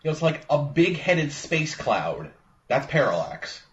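A man's voice: a little high, sing-song, measured pace. Man cohost, rambling movie rant, muffled sound, echoey room, faint hiss. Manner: rambling, profane, lots of "like". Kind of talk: casual movie chat. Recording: roomy, muffled recording with faint ambience.

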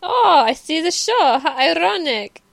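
A woman reacting to a film with friends, trading excitable reactions and quips. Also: extremely high pitch, unhurried, creaky, dry recording. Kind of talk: joking commentary over a film.

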